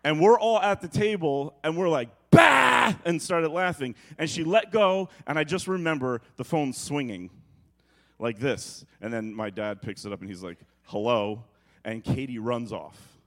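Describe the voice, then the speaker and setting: A middle-aged man from New York preaching with humorous storytelling, acting out quotes and sounds with quick jokey asides. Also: medium pitch. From New York, United States.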